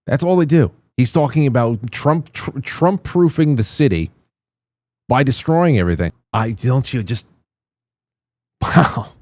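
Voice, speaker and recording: A man's voice: medium pitch, lively intonation, slow pace, long pauses, a little mellow, no echo. A man hosting a political commentary show, ranting with indignant, profane outrage. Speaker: show host.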